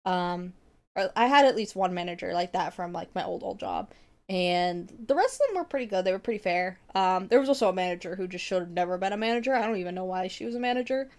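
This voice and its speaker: A woman's voice: fairly low pitch, animated, quick pace, a little mellow. A young woman streamer chatting casually, telling a rambling story with a lot of swearing and frequent laughter. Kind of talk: casual chat.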